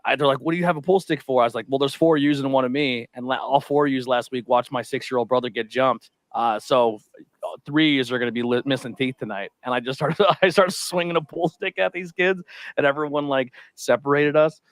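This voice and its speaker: Male podcast co-host, mid-pitched, casual storyteller; dry close recording. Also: fairly quick, no echo. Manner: animated storyteller, acts out quotes. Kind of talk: casual chat watching wrestling.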